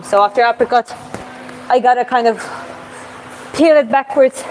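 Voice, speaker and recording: A female boxing coach demonstrates punch combos on a gym bag during a live session, chatting casually through viewer questions and calling out each hit with a fast "boom." The voice sounds darkish, and the rough recording carries a little hiss or hum.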